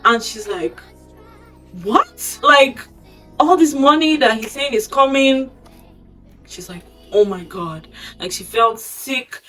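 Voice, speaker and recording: A woman casually recapping a drama-filled story, gossipy and animated, acting out the quoted lines, recorded from a bit off the mic with faint music behind. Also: fairly high pitch, slow, long pauses, far from the mic, low-quality recording. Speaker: storytime host.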